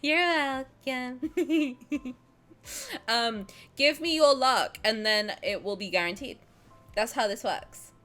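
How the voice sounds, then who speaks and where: A woman streaming a game, talking casually with her chat, swinging from loud squeals to quiet mutters. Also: on the high side, slow, soft background music.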